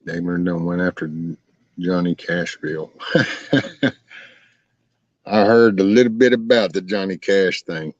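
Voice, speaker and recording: Man, lowish voice, folksy rambling live-stream host, dry muffled sound. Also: unhurried, long pauses, no echo. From Texas. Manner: folksy, rambling, reads and answers chat. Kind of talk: casual live chat. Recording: dull lo-fi stream audio.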